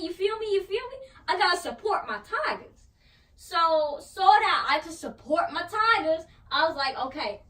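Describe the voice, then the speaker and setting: A high-pitched, boastful cartoon tiger, voiced by a woman, rambles through a comedic storytime with a stuffed toy. He is slangy and loose, calling everyone fool and bro. The voice sits some way back from the mic. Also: sharp tone. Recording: voice distant from the mic.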